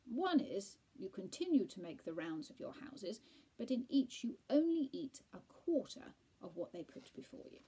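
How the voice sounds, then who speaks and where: A woman voicing a clever, posh male Persian cat, brisk and firm, in a storybook reading. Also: fairly high pitch, big pitch swings, vocal fry, dark tone, slightly rough, heavily acted. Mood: firm advising.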